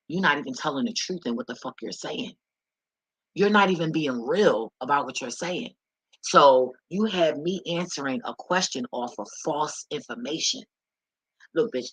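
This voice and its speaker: Bright, husky-voiced woman, preachy and blunt, lecturing the viewer. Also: very deep voice, no room sound, poor audio. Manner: emphatic, preachy, profane, talks straight to viewer. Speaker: vlogger. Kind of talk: blunt profane advice rant.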